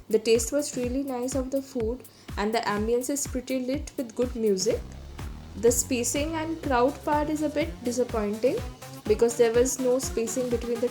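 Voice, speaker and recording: A woman food vlogger with an Indian English accent, narrating in a chatty, friendly way with frequent fillers. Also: a little high. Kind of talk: casual vlog narration.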